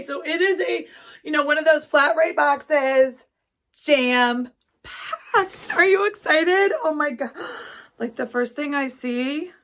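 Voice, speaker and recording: Woman, unboxing chat, gasps, gushing delight, halting restarts, high voice. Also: fairly bright tone. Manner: gushing, gasping, breathless delight. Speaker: crafting vlogger.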